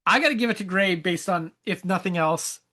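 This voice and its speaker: A podcast host asking the questions in a relaxed, casual panel chat, with asides and quoted lines. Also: medium pitch, fairly quick.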